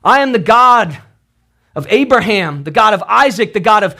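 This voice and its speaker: A man's voice: high-pitched, expressive, normal speed, creaky, sharp tone, exaggerated voice. A man voicing God speaking from a burning bush, giving direct commands in a plain, everyday voice. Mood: commanding.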